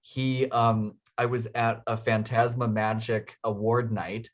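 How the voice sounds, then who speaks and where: A man's voice: mid-range voice, level tone, slow. A man being interviewed about his inventions, telling stories enthusiastically, laughing often, with many ums and uhs. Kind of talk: casual storytelling.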